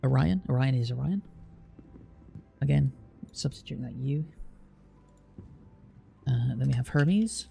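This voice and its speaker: English male streamer, very gravelly and dark-toned, blunt and teasing, casual chat, faint music behind. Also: medium pitch. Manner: chatty, blunt, teasing, drawn-out fillers.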